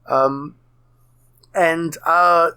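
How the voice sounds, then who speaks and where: Guy with a kinda high voice, jokey rambling podcast chat, lots of uhs. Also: steady tone, extremely slow, bright, forceful tone, clean tone. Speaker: podcast co-host. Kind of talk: casual gaming podcast chat.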